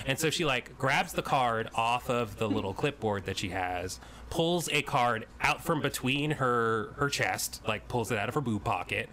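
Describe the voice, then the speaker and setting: A man narrating a tabletop game as game master, animated and rambling. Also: mid-range voice, normal speed, hardly any pauses, a little hiss or hum.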